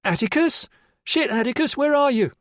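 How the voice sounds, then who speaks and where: A man putting on a tough female police officer in an audiobook, pitched far above his own voice. Her lines are clipped, terse and businesslike, and the booth sound is dry and close. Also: sing-song, a little fast, slightly rough, no echo, heavily acted. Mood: brisk. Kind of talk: audiobook character voice.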